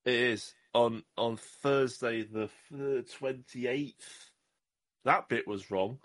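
A man's voice: medium pitch, fairly even intonation, takes it slowly, fairly bright tone. A man from Southwest England, co-hosting a podcast in casual, jokey chat and often tripping over his words. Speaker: podcast co-host.

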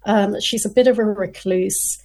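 Woman author guest, casual and chatty, laughs a lot, restarts her lines, middle pitch. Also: steady tone, moderate pace, mellow. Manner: chatty, self-interrupting, laughs often. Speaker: crime novelist guest. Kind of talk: casual interview chat.

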